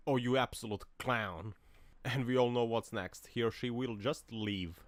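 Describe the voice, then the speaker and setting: A man's voice: mid-range voice, moderate pace, no echo, studio quality. A man commenting over dashcam clips with a joking, mocking tone, laughing often and putting on silly voices. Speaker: video commentator.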